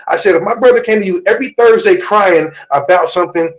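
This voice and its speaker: This man's voice sits on the high side, and he talks fast with few pauses. He's a podcast host chatting casually on a live stream, delivering blunt, preachy remarks laced with swearing, and the audio has its highs cut off.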